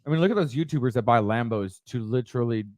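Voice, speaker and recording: A man's voice: mid-range voice, fast, a little mellow, no echo, studio quality. A man co-hosting a podcast, casually reading strange news stories with plenty of fillers. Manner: laid-back, reads news items aloud with fillers. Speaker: podcast co-host. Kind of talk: casual chat.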